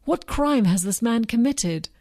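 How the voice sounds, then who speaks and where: A woman reading the lines of a Roman governor, an uneasy male questioner, in a plain, even manner. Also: fairly high pitch, a little slow, no echo, clean studio sound. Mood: questioning.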